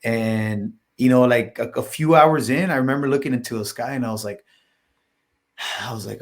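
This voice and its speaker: A man speaking at a middle pitch, chatting as a podcast guest. He rambles through his stories with constant "like" and "you know". He jumps into the voices of the people in them as he goes. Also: normal speed. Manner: acts out quoted dialogue in his stories. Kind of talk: casual storytelling interview.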